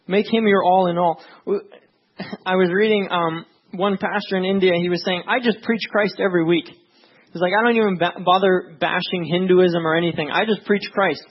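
A pastor preaching a sermon in an earnest, conversational way, with many "you know"s. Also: male voice, high-pitched, slightly rough, dull audio.

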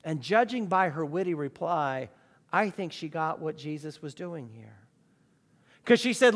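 A man's voice: fairly high pitch, sing-song, unhurried. A man preaching a sermon with emphatic rhetorical questions. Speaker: pastor. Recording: long reverb of a large hall.

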